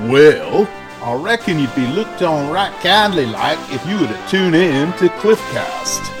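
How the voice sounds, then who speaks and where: A man's voice: fairly high pitch, big pitch swings, unhurried. A man doing a drawling country yokel with music behind. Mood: folksy. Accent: Southern US (put on). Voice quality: twangy drawl.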